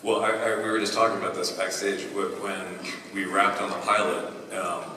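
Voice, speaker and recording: A man recounts show stories in a loose, rambling way, full of restarts. His voice sits a little low. He is heard from a distance in a big echoing hall over steady background noise. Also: brisk. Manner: loose, anecdotal, many restarts. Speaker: show writer. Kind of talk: panel storytelling. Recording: echoey hall from far off, noisy.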